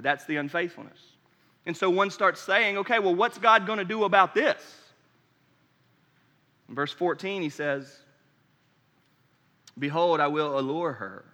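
A man's voice: sits high, animated, unhurried, pauses often, pushed and bright. A man preaching a sermon as pastor, stressing his points by repeating phrases. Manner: preaching with rising intensity, repeating phrases for emphasis. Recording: long hall reverb.

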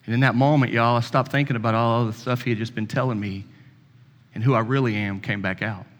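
A pastor in his thirties tells a personal story from the pulpit in a folksy, conversational way. He acts out the other person's lines as he goes. His mid-pitched voice rings out with the long reverb of a church hall. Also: steady tone, fairly quick, lo-fi sound. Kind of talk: sermon with storytelling.

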